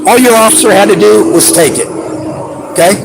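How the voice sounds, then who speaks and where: A man's voice: high voice, moderate pace, vocal fry, very noisy. A man, frustrated and insistent, making a complaint to a police officer on a live stream. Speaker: citizen auditor filing a complaint. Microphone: phone live stream.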